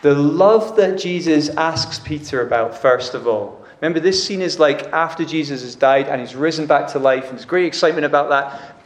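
Casual preacher in an echoey hall. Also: male voice, on the high side, moderate pace, hardly any pauses. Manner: conversational, uses "like" and acts out dialogue. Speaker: pastor. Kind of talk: sermon. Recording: echoey room.

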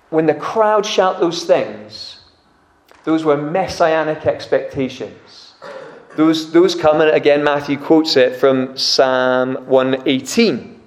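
A man preaching a sermon, animated and acting out crowd voices. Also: a little high, takes it slowly. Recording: echoey room.

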